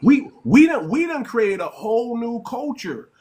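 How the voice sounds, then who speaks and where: A man's voice: extremely high pitch, sing-song, measured pace, over a noisy crowd. A man with a New York accent hosting a live-stream debate, lecturing emphatically and repeating himself. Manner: emphatic, repetitive, lecturing, keeps saying ma'am.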